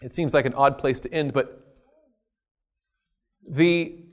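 A man preaching a sermon, stressing key words loudly and then dropping to quiet asides. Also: medium pitch, takes it slowly. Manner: emphatic, swinging between loud stresses and quiet asides.

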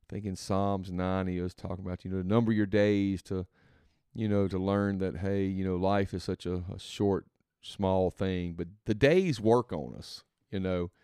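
Low, smooth-voiced man musing softly. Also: no echo, studio quality. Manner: rambling and halting, thinks aloud. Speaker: podcast host and father. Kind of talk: reflective faith podcast monologue.

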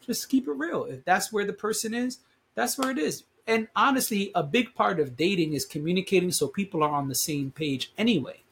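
A man's voice: on the high side, a little hiss or hum. A man hosting a casual solo podcast, congested and sniffling from allergies, talking in a conversational, emphatic way and reading news articles aloud with his own asides. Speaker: podcast host.

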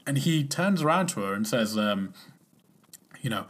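A man's voice: medium pitch, lively intonation, moderate pace, a bit bright, slightly rough. A man casually recapping a TV episode, rambling and acting out characters' lines. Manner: rambling, acts out characters' lines, frequent restarts.

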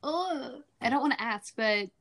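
Woman, twenties, podcast co-host, excitable, exclaims often, casual chat. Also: sits high, measured pace.

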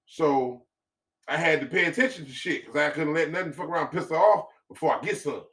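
A man co-hosting a casual podcast with his wife, talking loudly and bluntly and swearing freely. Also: a little high, a little fast, far from the mic. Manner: loud, profane, animated talker. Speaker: co-host. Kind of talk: casual couple's podcast chat.

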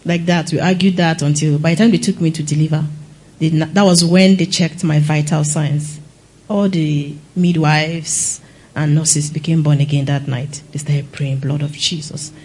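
A woman's voice: low voice, steady tone, moderate pace, darkish tone, breathy edge, low-quality recording. A young woman giving a personal testimony, telling her story earnestly and acting out what others said. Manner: earnest storytelling with acted quotes. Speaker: testimony speaker.

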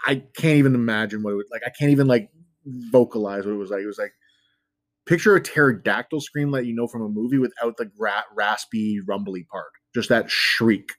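Here a man with a lowish, fairly bright voice tells a spooky tale as a guest, talking briskly and casually. He rambles, leans heavily on "like" and other fillers, and now and then pokes fun at himself; the audio has no room sound.

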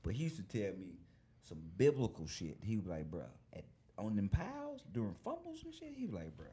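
A low, husky male voice hosting a loose podcast conversation. His pitch swings widely as he reacts and tells a story. He is laid-back and swears freely. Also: wildly swooping pitch, a little fast, mellow. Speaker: podcast host. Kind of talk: casual podcast chat.

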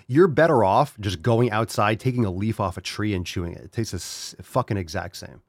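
A man's voice: lowish voice, brisk, no echo, clean studio sound. A man hosting a podcast, ranting and swearing in a worked-up, comic way. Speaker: podcast host. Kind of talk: ranting comedic podcast talk.

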